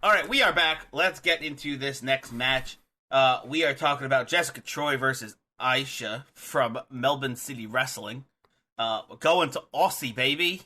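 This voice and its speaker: A young man co-hosting a casual wrestling podcast chat, excitable, laughing often and swearing freely. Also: medium pitch, normal speed. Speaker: podcast co-host.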